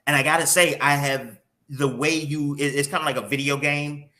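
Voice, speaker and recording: A man's voice: a little high, fairly even intonation, normal speed, bright, forceful tone. A man hosting a morning show interview who talks candidly and openly emotionally, with some casual swearing.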